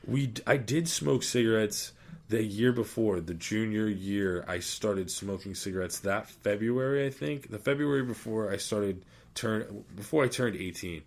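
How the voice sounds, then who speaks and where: Low-voiced man telling profane stories. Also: normal speed, creaky. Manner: rambling, profane storytelling. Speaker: podcast host. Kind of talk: casual chat. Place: podcast studio.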